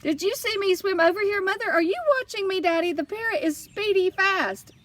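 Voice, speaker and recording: A woman voicing an excitable, dramatic little girl in an audiobook, pleading and squealing. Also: very high voice, fairly quick, recorded from a distance, slight background noise, pitched above the performer's own voice. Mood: excited. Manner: pleading, bouncy, loud squeals. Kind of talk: audiobook character voice.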